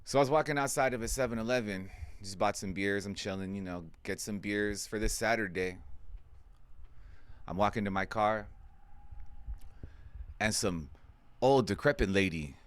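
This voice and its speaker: A man's voice: lowish voice, normal speed, long pauses, clean tone, dry recording. A man delivering a comedic monologue, laid-back and slangy, swearing constantly.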